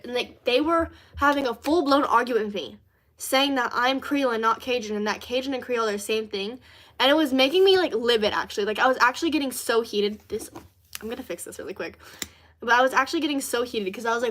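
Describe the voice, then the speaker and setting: A teenage girl from Louisiana hosts a casual livestream, reading comments and rambling cheerfully with plenty of fillers. Her voice sits a little high for a woman. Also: fast, a bit bright. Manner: chatty, rambling, bubbly with many fillers. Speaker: livestream host.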